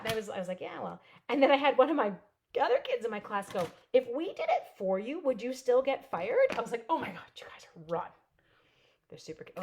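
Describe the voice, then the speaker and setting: A woman's voice: mid-range voice, darkish tone, a little hiss or hum. A woman in her forties, chatty and bubbly, telling stories and laughing as she demonstrates a papercraft project. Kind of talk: casual live crafting demo.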